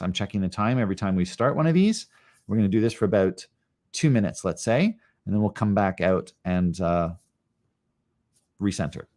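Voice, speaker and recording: Man, lowish voice, meditation teacher, calm and slow guidance, repeats short phrases, live stream. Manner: calm, unhurried guidance with long pauses; repeats short affirmations slowly. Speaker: educator leading a live session. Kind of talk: guided meditation lesson. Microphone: live stream setup.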